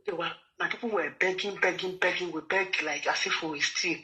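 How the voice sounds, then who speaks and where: A man's voice: high voice, fairly even intonation, fairly quick, sharp tone, rough recording. A man from Nigeria with a Nigerian accent, telling his personal story in a repetitive, pleading way full of quoted speech. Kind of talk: emotional personal testimony.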